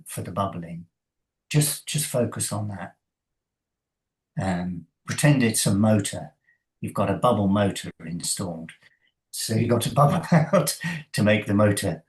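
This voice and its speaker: A man, a coach and interview guest, talking thoughtfully in a halting way with many fillers and soft laughs. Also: lowish voice, rough recording. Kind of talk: conversational interview.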